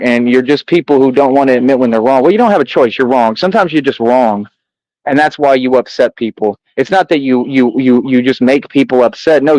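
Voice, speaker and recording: Male vlogger, mid-pitched, combative and boastful street talk, dry close sound. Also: darkish tone, dry recording, poor audio. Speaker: vlogger addressing critics. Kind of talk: defiant monologue to camera.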